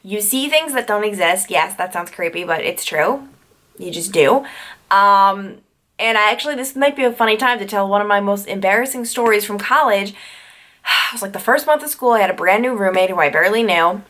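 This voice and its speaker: A woman's voice: mid-range voice, expressive, fairly quick, a bit bright. A young adult woman from New York telling a storytime vlog, chatty and full of "like" fillers and tangents. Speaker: YouTuber.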